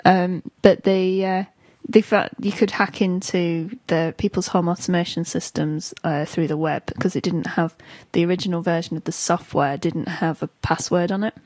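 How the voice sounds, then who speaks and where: A woman's voice: lowish voice, fairly even intonation, normal speed, a little mellow, no echo. A woman on a tech podcast panel, telling stories in a chatty way with lots of fillers. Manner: chatty storyteller, many fillers. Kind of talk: casual tech discussion.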